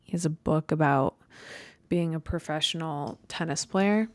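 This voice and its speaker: Speaking a little slowly in a low-pitched voice, a young woman from Chicago hosts her podcast. Her stream-of-consciousness monologue rambles conversationally, thick with fillers and self-mockery.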